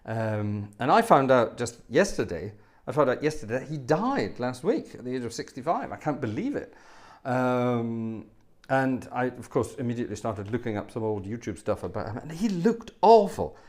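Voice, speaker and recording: A man's voice: mid-range voice, sing-song, moderate pace, a little mellow. A man hosting a livestream, telling rambling personal anecdotes with plenty of fillers and wry, self-deprecating humour. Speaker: livestream host and organist. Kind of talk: casual storytelling.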